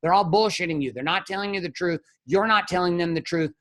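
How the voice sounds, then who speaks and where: Middle-aged male guest, somewhat high voice, blunt and profane, hammers every point home. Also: fast talker, a bit bright. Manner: blunt, profane, emphatic storytelling. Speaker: podcast guest, men's coach. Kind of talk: candid podcast interview.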